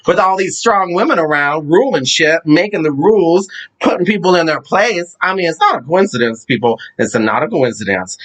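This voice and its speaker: A man's voice: high voice, fairly bright tone, low-quality recording. A man hosting an Instagram live stream as a campy, theatrical drag persona, who calls his viewers honey and darling and sometimes slips into a put-on Southern accent. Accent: put-on Southern accent at times. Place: home in New York. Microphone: phone or webcam for an Instagram live stream.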